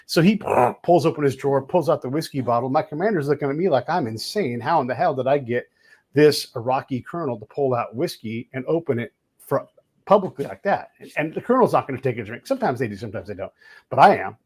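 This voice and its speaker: Male podcast host, mid-pitched, husky, casual and blunt storyteller. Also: quick pace. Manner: animated anecdotes with blunt language.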